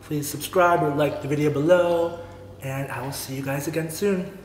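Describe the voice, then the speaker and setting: A man's voice: fairly high pitch, fairly even intonation, normal speed. A young man hosting a casual mukbang vlog, talking chattily and filling his sentences with "like". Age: young adult. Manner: chatty, filler-heavy with lots of "like". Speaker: host, influencer. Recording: roomy echo with faint background noise.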